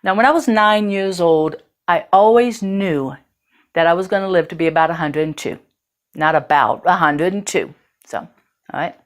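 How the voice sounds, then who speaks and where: A woman's voice: on the low side, moderate pace. A woman host telling a personal story in a candid, earthy way, with casual swearing.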